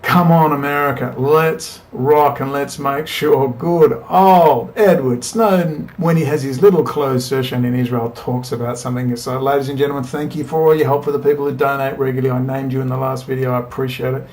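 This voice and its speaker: A man's voice: medium pitch, fairly even intonation, brisk, few pauses, darkish tone. A man talking to his webcam in a fervent, rambling monologue that swings between urgent exhortation and weary asides. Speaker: political video blogger. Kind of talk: impassioned rambling monologue to camera. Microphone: laptop webcam.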